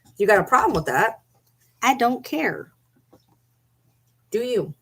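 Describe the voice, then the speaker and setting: A woman's voice: a little high, sing-song, a little slow, vocal fry, fairly bright tone, a little hiss or hum. A woman chatting casually to camera from her bed at home, breaking off to coo at her pets. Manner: chatty, drifts into baby talk with her animals. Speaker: vlogger.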